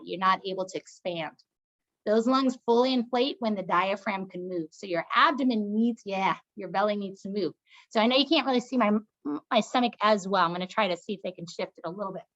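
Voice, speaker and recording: A woman's voice: fairly high pitch, fairly bright tone, muffled recording. A woman leading a laughter yoga session as instructor and doctor, coaxing the group along in an upbeat way with bursts of laughing and cheering.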